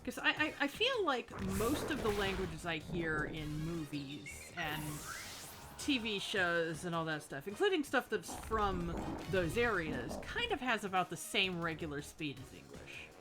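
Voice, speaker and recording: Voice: medium pitch, very animated, measured pace, music in the background, rough recording. A let's-player giving casual, rambling commentary over a video game, joking and self-deprecating.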